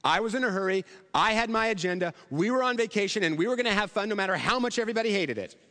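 High-voiced preacher in a big hall. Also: male voice, expressive, very fast, pushed and bright. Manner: conversational storytelling with rhetorical questions. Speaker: pastor. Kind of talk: sermon.

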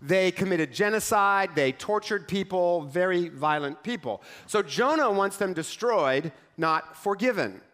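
A male pastor preaches in a conversational, wry storytelling manner, breaking into quick acted-out asides. His voice is high-pitched, expressive, and a bit bright.

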